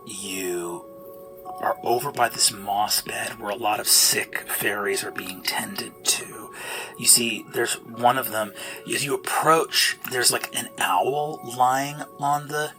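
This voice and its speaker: A man narrating a tabletop game as game master, describing scenes in an animated way. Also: mid-range voice, takes it slowly, music in the background, low-quality recording.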